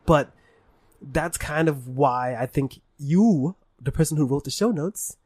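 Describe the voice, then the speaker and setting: A tipsy young man co-hosting a podcast, excitable and swearing a lot, laughing often. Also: on the high side, unhurried, husky, no echo. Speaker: podcast co-host. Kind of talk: casual chat.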